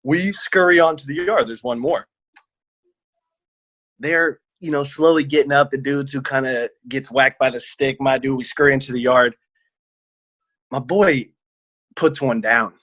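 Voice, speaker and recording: A man's voice: mid-range voice, measured pace, pauses often, fairly bright tone, no echo. Slangy man telling a bar-fight story. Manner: rambling, slangy, acts out quotes. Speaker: podcast co-host. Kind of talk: casual storytelling.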